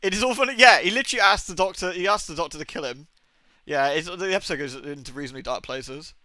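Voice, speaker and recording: A man's voice: fairly high pitch, fast talker, sharp tone, no echo. A young man chatting casually on a livestream, swearing often and laughing as he talks about old TV episodes. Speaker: streamer.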